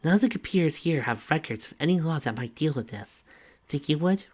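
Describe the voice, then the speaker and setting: A man reading the lines of a cheerful, devoted young heroine in an earnest, gentle way. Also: a little high, expressive, brisk, voice pushed up.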